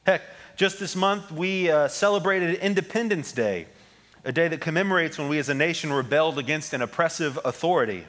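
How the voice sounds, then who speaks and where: A man's voice: a little high, fairly quick, a bit bright. Man preaching in a reverberant hall. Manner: conversational preaching with fillers and asides. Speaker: pastor. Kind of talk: sermon.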